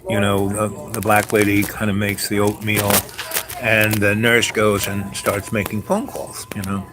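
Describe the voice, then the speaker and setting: Older guy rambling through a story, lots of ums, lowish voice, loud hiss and clicks. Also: level tone, measured pace. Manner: rambling, filler-heavy. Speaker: host.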